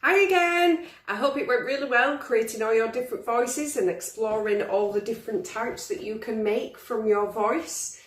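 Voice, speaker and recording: A woman's voice: a little high, fairly even intonation, normal speed, few pauses, recorded from a distance. Encouraging woman teacher, roomy. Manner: encouraging, demonstrating many voices. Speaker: drama teacher. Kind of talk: instructional video for pupils. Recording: roomy, from the mic.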